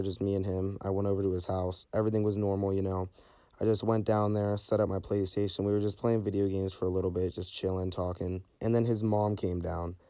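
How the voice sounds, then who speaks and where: Teenage guy, casual storytime, rambling, swears a lot, low flat voice, quick delivery. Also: smooth, no echo, clean studio sound. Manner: rambling, swears freely, lots of "like" and "you know".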